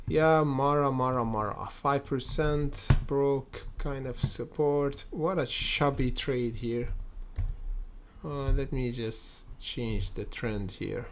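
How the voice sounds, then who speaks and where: A man hosts a day-trading livestream at a slow, relaxed pace, with a voice of middling pitch for a man. He thinks aloud, leans on fillers and repeated phrases, and keeps calling his viewers guys and brother. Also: gravelly, slight background noise. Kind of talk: live market commentary.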